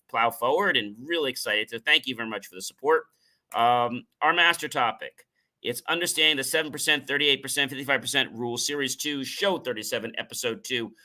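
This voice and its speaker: A middle-aged man hosting a motivational talk show, energetic, often repeating phrases for emphasis and acting out example tones of voice. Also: mid-range voice. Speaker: show host.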